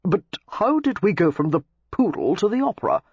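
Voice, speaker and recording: A woman's voice: mid-range voice, sing-song, fairly quick, husky, no room sound, voice pushed up. A woman voicing an ardent young English lord who makes earnest, flowery declarations. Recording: slightly muffled lo-fi recording.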